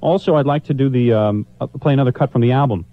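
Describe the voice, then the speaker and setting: A man's voice: mid-range voice, fast talker. A man working as a radio disc jockey, joking on air in a playful, mock-sentimental, self-mocking way. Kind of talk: joking morning radio banter. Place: radio studio. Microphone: studio microphone. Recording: muffled old radio aircheck.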